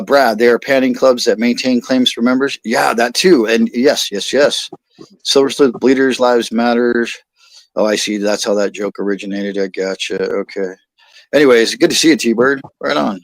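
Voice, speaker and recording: A man's voice: mid-range voice, no room sound. Rambling American man hosting a livestream. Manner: rambling, reads chat aloud. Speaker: livestream host. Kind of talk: casual livestream chat.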